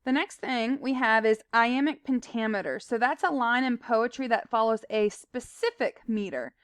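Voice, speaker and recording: A woman's voice: a little high, dry recording, studio quality. A woman teaching a recorded lesson, explaining terms plainly with fillers and asides.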